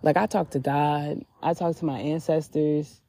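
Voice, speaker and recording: At a normal speed and with fairly even intonation, a woman with a low, warm voice hosts a podcast from a beach, and the recording has no echo. She chats openly and casually about her spiritual reflections, relying on lots of "like" fillers.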